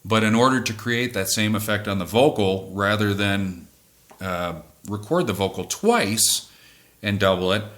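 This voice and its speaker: Male band singer, lower register, measured and self-correcting explainer. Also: fairly bright tone. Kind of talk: explaining music production.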